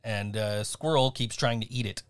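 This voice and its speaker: A man's voice: fairly low pitch, moderate pace, clean tone, dry recording. A man co-hosting a casual podcast, laughing often and swearing casually. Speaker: podcast co-host. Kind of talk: casual chat.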